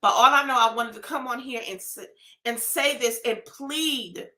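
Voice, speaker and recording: A woman, pleading to camera in an impassioned, emotional vlog rant that rises to shouts. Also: on the high side, normal speed, reverberant. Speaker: vlogger.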